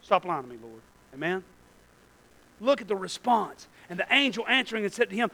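A preacher man with a very high, bright voice, preaching to a church congregation. He drops to quiet asides, then climbs into shouted, stretched-out peaks. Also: expressive, no room sound, poor audio. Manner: swings from low asides to shouted, drawn-out peaks. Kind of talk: sermon.

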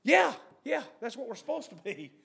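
High-voiced preacher. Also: male voice, normal speed. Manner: preaching with sudden shouts and mocking quoted voices. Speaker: pastor. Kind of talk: sermon.

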